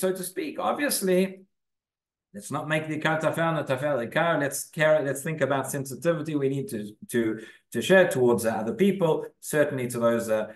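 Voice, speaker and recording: A man's voice: a little high, fairly quick. Man teaching in an echoey room. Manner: conversational, reads sources aloud, frequent fillers and restarts. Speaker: rabbi teaching a class. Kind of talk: casual spoken Torah class. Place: synagogue room.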